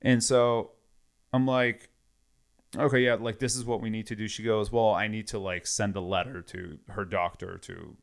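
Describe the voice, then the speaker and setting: A man's voice: fairly low pitch, normal speed, vocal fry. A man casually retelling a story with lots of quoted back-and-forth. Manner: animated retelling with many quoted exchanges.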